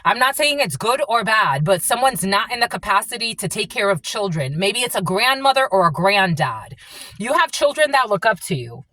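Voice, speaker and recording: A woman's voice: medium pitch, big pitch swings, moderate pace, pushed and bright, no echo. A woman giving a casual psychic reading to her viewers, rambling and full of "like" and "uh" fillers. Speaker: spiritual channeler.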